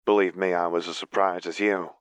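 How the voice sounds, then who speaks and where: Male narrator as a wary, masked young female mage, flat and blunt delivery, low register, audiobook. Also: brisk, clear, resonant tone, no room sound, close to an everyday voice. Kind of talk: audiobook character voice.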